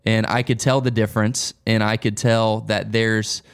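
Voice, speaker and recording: Co-host, low voice with gravel, easygoing and joking, asks the questions. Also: male voice, moderate pace. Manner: relaxed, joking, prompts with questions. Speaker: podcast co-host. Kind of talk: casual podcast discussion.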